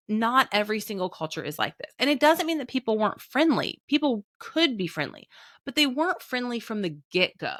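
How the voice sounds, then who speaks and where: Speaking as a guest, a business owner in her thirties from Indiana shares conversational stories, peppering them with "like" and acting out what others said. Her mid-range voice is a bit bright, and the studio-quality recording has no room sound.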